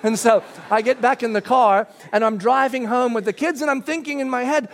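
Brief: middle-aged man, very high voice, lively storyteller who acts out shouted quotes. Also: a little fast, slight background noise. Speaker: father telling a family story. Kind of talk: storytelling talk to an audience.

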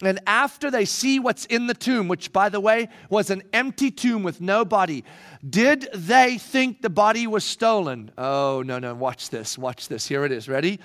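Man, preacher, sermon, high voice, dramatic, hushed to loud. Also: expressive, normal speed.

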